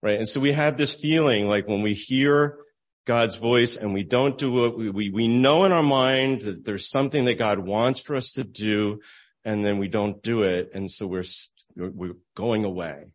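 Low-voiced man preaching conversationally. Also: moderate pace. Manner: conversational, retells stories with voiced dialogue. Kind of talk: informal sermon.

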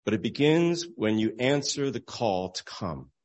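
A man with a very low voice delivers an informal sermon. He talks conversationally, acting out short bits of dialogue as he retells a story. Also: sing-song, unhurried. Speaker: preacher.

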